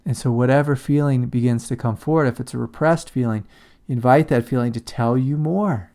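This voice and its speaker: A man giving a calm, reflective spiritual talk as a teacher. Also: mid-range voice, brisk. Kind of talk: satsang talk on shadow work.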